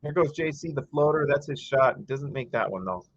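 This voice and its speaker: Husky-voiced man ranting on a stream. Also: medium pitch, expressive, moderate pace, no echo, lo-fi sound. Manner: chatty, reads viewer comments aloud, rants in bursts. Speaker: livestream host. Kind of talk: casual live game-watch commentary.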